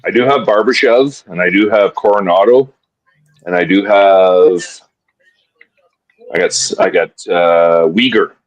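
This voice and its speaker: A man on a live hockey betting show, chatting casually and excitably, often repeating his words as he starts a thought. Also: sits low, measured pace, pauses often, no room sound, dull audio. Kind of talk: casual live-stream chat.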